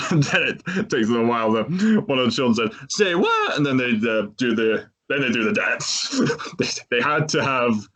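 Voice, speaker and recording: A man's voice: medium pitch, measured pace, hardly any pauses, a bit bright. A man hosting a podcast, retelling a movie's plot in a casual, chatty way and laughing often. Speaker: podcast host.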